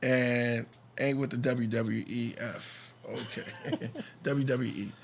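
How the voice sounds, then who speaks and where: A man with a mid-pitched voice hosts a live podcast in an easygoing way. He keeps his comments short and moves in to settle a heated exchange. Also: steady tone, takes it slowly, gravelly. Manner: laid-back, mediating, brief affirmations. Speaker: podcast host.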